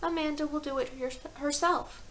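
A woman voicing a clever, calm little schoolgirl who explains things earnestly. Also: high voice, normal speed, a little hiss or hum, voice pushed up, low-quality recording.

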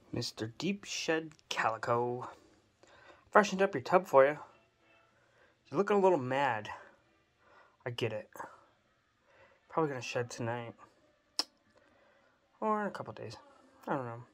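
A man's voice: mid-range voice, animated, unhurried, pauses often. A man chatting casually and fondly to his pet snakes at home while cleaning their tubs, in a playful sing-song. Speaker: snake keeper vlogger.

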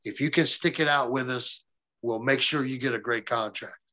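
A man's voice: mid-range voice, moderate pace, pushed and bright, rough recording. A man being interviewed as a former pro wrestler, telling stories bluntly and with plenty of swearing, often acting out what others said to him. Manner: profane, blunt, quotes others in dialogue. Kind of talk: casual storytelling interview.

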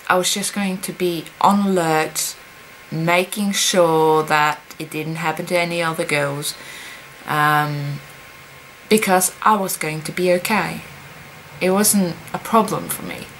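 A young woman speaking in a personal confessional vlog, hesitant and halting, with many pauses and fillers. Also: fairly low pitch, steady tone, fairly bright tone, a little hiss or hum, low-quality recording. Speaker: vlogger.

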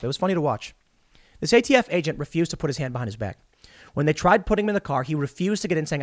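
A man's voice: on the high side, very animated, quick pace, no room sound, clean studio sound. A man in his thirties hosting solo political commentary, talking emphatically and rambling with frequent restarts.

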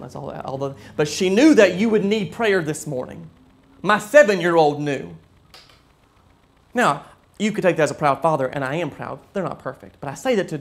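Earnest pastor preaching, voice rising and falling. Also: male voice, a little high. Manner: earnest, dips to soft near-whispers. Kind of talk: sermon.

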